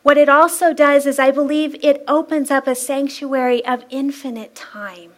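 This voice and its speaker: A woman, a spiritual practitioner, giving an inspirational sermon-style talk in a church, telling stories in a lively, playful way and laughing often. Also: high voice. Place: church sanctuary.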